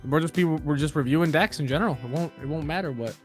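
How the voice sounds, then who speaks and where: A man co-commentating a card game match, excitable and joking. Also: a little high, fast, soft background music. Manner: excitable, joking, loud bursts.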